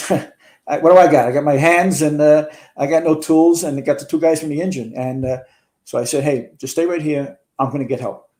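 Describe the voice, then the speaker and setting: A man's voice: fairly high pitch, fairly even intonation, moderate pace, dark tone. A man, a retired fire chief telling a long story in a casual interview, rambling with restarts and some swearing. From New York.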